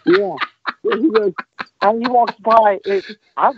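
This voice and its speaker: A man hosting a casual podcast, telling crude, animated military stories. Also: high-pitched, a little slow, background noise. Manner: profane, animated anecdote telling. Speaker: podcast host, military veteran. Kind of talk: casual storytelling chat. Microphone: online call. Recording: dry, tinny phone-like call audio.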